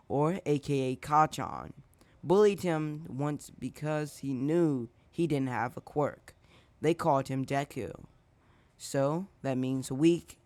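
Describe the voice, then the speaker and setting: A man's voice: fairly high pitch, no room sound. A man hosting his channel and narrating a fan story casually, rambling with slips and self-corrections.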